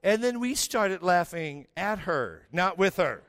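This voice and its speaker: Man, middle-aged, preacher, comic storytelling, slightly high voice, dry sound. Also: sing-song, fairly bright tone, dry recording. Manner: joking, self-deprecating, quick asides. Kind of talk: humorous sermon storytelling.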